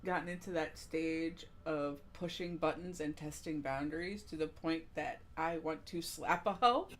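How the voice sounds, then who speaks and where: A woman's voice: deep voice, a little slow. A woman chatting casually while playing a video game, laughing easily and swearing. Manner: giggly, profane. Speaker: gaming streamer.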